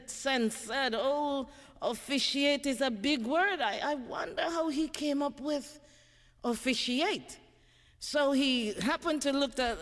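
A man's voice: sits high, long reverb tail. A man telling humorous stories at an evening event, acting out the characters' lines. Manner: animated storyteller who acts out voices. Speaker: speaker at an event.

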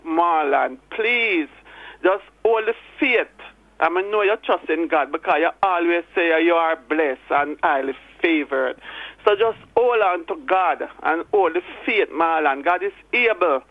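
A hoarse woman with a Jamaican accent calling in to a radio show, pleading earnestly and encouraging someone. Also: fairly low pitch, dry recording. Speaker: caller. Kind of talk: radio call-in. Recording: tinny phone line, dry.

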